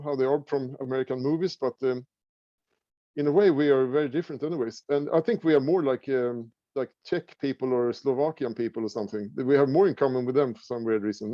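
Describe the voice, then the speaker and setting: A middle-aged man from Sweden with a Swedish accent, talking casually as an interview guest, halting with many fillers and restarts. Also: medium pitch, no echo, dull audio. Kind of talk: casual conversation.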